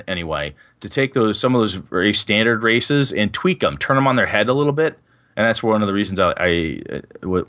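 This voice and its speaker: Low-voiced man rambling about gaming. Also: a bit bright. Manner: rambling, self-correcting, swears casually. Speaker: podcast host and game master. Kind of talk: casual chat about tabletop gaming.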